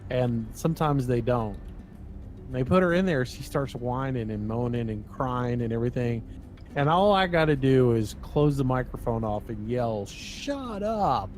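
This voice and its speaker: A man's voice: mid-range voice, normal speed, darkish tone, faint music behind. A man streaming a trucking game, telling rambling stories about home and laughing at his own jokes. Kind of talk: casual storytelling while gaming.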